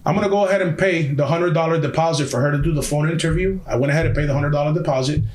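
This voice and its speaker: Man, fast talker, slightly high voice, heated, swears a lot, echoey room. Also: darkish tone. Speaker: podcast guest. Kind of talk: casual storytelling.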